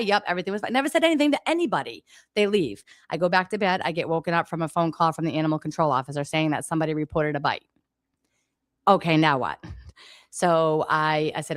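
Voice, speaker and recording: A woman's voice: deep voice, animated, fast, no room sound, clean studio sound. Exasperated woman telling her story. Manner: emphatic, exasperated storytelling, acts out quoted exchanges. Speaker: daycare owner, guest.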